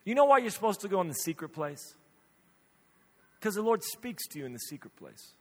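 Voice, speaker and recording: Animated high-voiced male pastor in a hall. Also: brisk. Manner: animated, emphatic storyteller. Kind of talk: sermon with comic storytelling.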